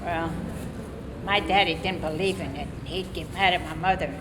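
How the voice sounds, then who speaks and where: An older woman from Florida tells stories from her youth in a casual, lively way and laughs often. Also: lowish voice, normal speed. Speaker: oral history storyteller. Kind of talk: casual storytelling. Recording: echoey hall, noisy room.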